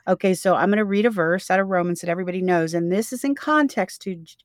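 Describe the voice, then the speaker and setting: A woman's voice: on the low side, fast, no echo, clean studio sound. A woman co-hosting a faith-based parenting podcast, talking in an earnest, reflective way and sometimes reading scripture aloud. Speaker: podcast co-host.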